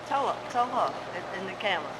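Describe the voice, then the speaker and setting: A woman in her eighties who gently prompts her husband and speaks about him patiently. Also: medium pitch, lively intonation, quick pace, big-room sound, background noise.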